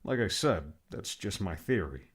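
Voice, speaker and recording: A patient but fussy friend explains things and scolds mildly, as a man puts him on. The voice is a bit low and lively in its pitch. It comes from a one-narrator audiobook. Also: a little slow, slightly rough, exaggerated voice. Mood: explaining.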